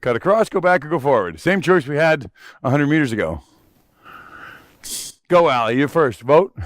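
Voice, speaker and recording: Slightly winded as he snowshoes along a snowy outdoor trail, a middle-aged man who hosts a podcast and runs a company makes casual, rowdy, foul-mouthed jokes. His voice is a little high and expressive at a normal speed, recorded dry at studio quality.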